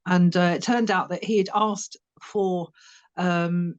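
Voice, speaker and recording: A woman's voice: on the low side, fairly even intonation, takes it slowly, dull audio. A middle-aged woman co-hosting a family podcast, telling an anecdote in a casual, exasperated way and repeating herself. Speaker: podcast co-host, mother.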